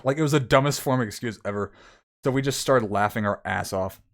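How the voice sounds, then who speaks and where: A man's voice: mid-range voice, a little fast, a bit bright. Young man rambling through a story. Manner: rambling, many "like" fillers, quoting others. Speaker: streamer. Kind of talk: casual storytelling.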